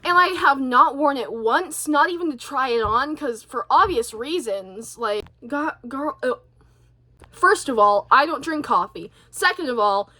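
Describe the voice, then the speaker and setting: A woman rambling through a casual vlog monologue, her voice high and sharply bright. She hops from tangent to tangent, piling on fillers and sounding openly exasperated. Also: unhurried. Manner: chatty, goes off on tangents, many fillers; animated and exasperated. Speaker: vlogger.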